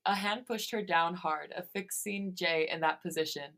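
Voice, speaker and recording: A woman podcast host reading fan fiction aloud, steady in her reading and given to breaking into laughter. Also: lowish voice, normal speed.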